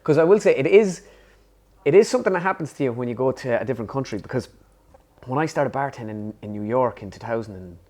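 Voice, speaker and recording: A man with a strong Irish Midlands accent hosting a relaxed interview in a chatty, joking way. He talks quickly, with his voice sitting at a middle pitch. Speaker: host, interviewer. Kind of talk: casual interview chat.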